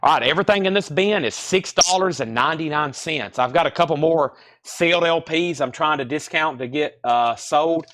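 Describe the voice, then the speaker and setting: A man's voice: fairly high pitch, normal speed, hardly any pauses, fairly bright tone. A man hosting a live-streamed vinyl sale from a record store, chatting casually and rattling off titles and prices. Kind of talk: live-stream sales patter.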